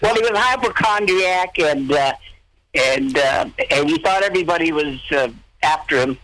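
An older comedian chatting as a guest, giving brief, wry replies. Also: male voice, a little high, animated, moderate pace, sharp tone, no room sound, rough recording. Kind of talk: casual radio chat.

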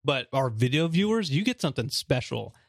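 A man's voice: mid-range voice, big pitch swings, brisk, vocal fry, no echo, studio quality. A man co-hosting a podcast in casual chat, playful and giggly, talking while snacking. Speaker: podcast co-host.

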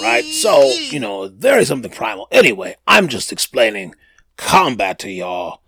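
A man's voice: lowish voice, wildly swooping pitch, normal speed, creaky, very noisy. Rambling, slangy man hosting a podcast. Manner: rambling, slangy, full of fillers and restarts. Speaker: podcast host. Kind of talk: casual chat.

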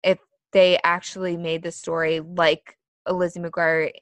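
Chatty young woman, low and dry. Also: flat delivery, unhurried, dry recording. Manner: chatty, frequent "like" fillers, opinionated. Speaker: podcast co-host. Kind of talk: casual chat.

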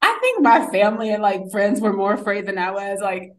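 Chatty, animated woman telling a story. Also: medium pitch, a little fast. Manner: animated, chatty, laughs often, lots of fillers. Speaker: guest. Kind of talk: casual storytelling.

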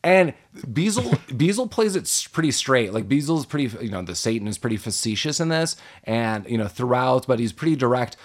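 Casual male podcast co-host, mid-pitched, animated plot recapper who laughs a lot. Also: fairly quick. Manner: animated retelling, quoting characters, laughing often. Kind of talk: casual movie recap chat.

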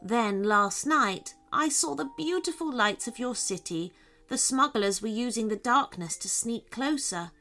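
Gentle little boy lizard from a storybook, soft earnest voice, slow and bright, a lady reading it. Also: fairly high pitch, expressive, soft background music, heavily acted. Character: gentle small male wishing lizard.

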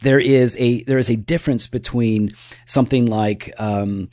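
A man's voice: medium pitch, fairly even intonation, normal speed, mellow, no room sound, clean studio sound. A man co-hosting a casual theology podcast, earnest and a bit teasing, often restarting his sentences. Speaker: podcast co-host.

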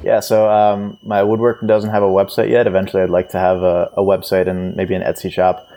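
A man with a very low voice, a guest on a podcast, speaking in a relaxed, easygoing way. He leans on fillers like "like" and "um" as he talks. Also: fairly quick. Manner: relaxed, filler-heavy, says "like" and "um" often. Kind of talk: casual interview chat.

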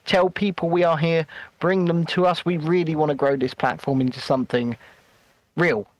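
A man's voice: fairly high pitch, fairly even intonation, moderate pace, dry recording, low-quality recording. A man co-hosting a casual podcast chat, playful and prone to dropping into silly voices. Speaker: podcast co-host.

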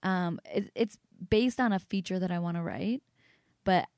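Woman guest, casual podcast chat, gravelly edge, dry close sound. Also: normal speed, dry recording. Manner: animated, chatty, swoops up in pitch.

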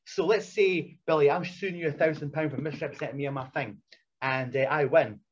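A man, a wrestler and coach, telling stories as a podcast guest in a casual, animated way that is full of swearing and restarts. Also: a little high, a little fast, a little hiss or hum. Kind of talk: casual storytelling chat. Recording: muffled lo-fi sound.

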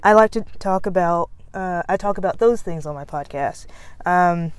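A woman's voice: lowish voice, moderate pace, clean tone, dry recording. A young woman podcaster chatting casually outdoors, rambling off on tangents, laughing and losing her words. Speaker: podcast host. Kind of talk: casual chat. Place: outdoors, near a road.

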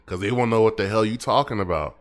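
A man's voice: on the low side, fast. A man hosting a podcast in casual chat, laughing often and stumbling over repeated words. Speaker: podcast host.

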